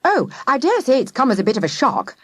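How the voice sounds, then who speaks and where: A woman's voice: high voice, very animated, fast, dry recording, clean studio sound, pitched above the performer's own voice. A woman reading the part of a harried, exhausted father, urgent and exasperated.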